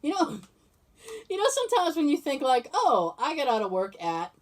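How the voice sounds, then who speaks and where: A woman's voice: high-pitched, huge pitch swings, moderate pace. A woman hosting a podcast, casually telling a story and acting out both sides of the conversation, swearing freely. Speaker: podcast host. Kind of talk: casual chat.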